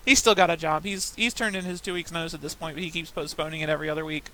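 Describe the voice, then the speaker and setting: A woman's voice: deep voice, steady tone, rapid-fire, bright, forceful tone, poor audio. A young woman in casual chat while playing a game, telling rambling stories with frequent laughs. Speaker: gaming podcaster.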